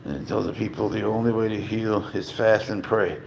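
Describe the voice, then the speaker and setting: A man chatting casually to viewers at home as a cat-owning vlogger, rambling and profane with sudden loud exclamations. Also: lowish voice, steady tone, moderate pace, gravelly, a little hiss or hum.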